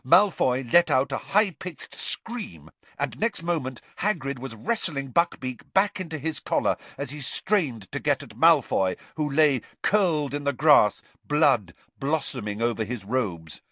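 A man reading a novel aloud as an audiobook narrator, with expressive storytelling on a close studio mic. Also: medium pitch, unhurried, hardly any pauses, dry recording.

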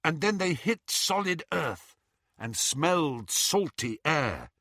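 A man's voice: fairly high pitch, slow, no room sound, studio quality. A man narrating a fantasy story aloud, reading dramatically and voicing the characters. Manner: animated, dramatic reading with voices. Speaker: audiobook narrator.

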